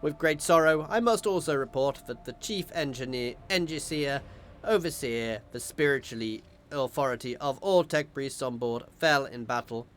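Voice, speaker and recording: A man's voice: medium pitch, normal speed, a bit bright, lightly acted. A man voicing a devout, solemn male machine priest, reading game dialogue in a ceremonial way. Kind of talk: video game voice-over reading.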